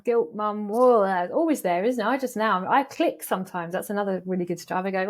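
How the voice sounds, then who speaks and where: A woman psychologist, medium-pitched and brisk, speaks as an interview guest in casual interview talk. She's lively and animated, acting out anxious thoughts in quoted voices.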